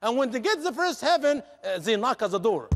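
Male guest preacher, dramatic storyteller, high animated voice, long church reverb. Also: fast. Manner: dramatic, expressive, non-native grammar. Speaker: guest speaker.

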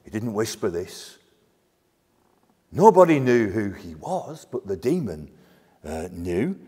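A man preaching a sermon, emphatic and full of dramatic pauses and asides. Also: lowish voice, very animated, mellow, slightly rough. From half Greek heritage. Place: church. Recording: long church reverb.

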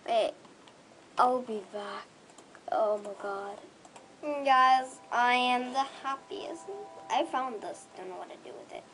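A young gaming creator commenting excitedly on their own play, with gushing, squealing bursts of excitement. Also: mid-range voice, takes it slowly, faint music behind, low-quality recording.

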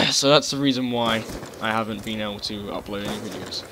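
Casual male gaming commentator, low voice, swears freely, game gunfire clearly audible under him. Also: fairly quick. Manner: casual rambling, swears, sudden loud outbursts. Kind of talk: live gameplay commentary. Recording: game gunfire noise behind voice. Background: gunfire and explosions from the game.

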